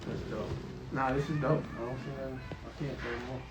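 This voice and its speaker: Chatting about business in his studio room, a studio owner speaks loosely and slangily, letting thoughts trail off before starting again. He has a medium-pitched, steady voice and a brisk pace. He's recorded from a distance over loud music, with roomy off-mic sound and faint noise.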